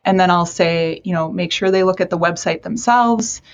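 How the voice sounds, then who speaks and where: A woman's voice: lowish voice, normal speed. A woman counselor for teens, chatting casually in an interview, self-deprecating and laughing often. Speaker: mental health counselor for teens.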